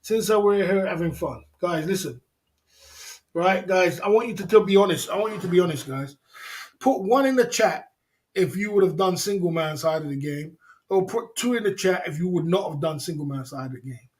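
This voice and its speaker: A man's voice: high voice, animated, normal speed, darkish tone. A man hosts a casual livestream, telling a long, rambling story, repeating himself, chuckling and speaking straight to the chat. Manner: rambling, repetitive, chuckles often, talks to the chat. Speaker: livestream host.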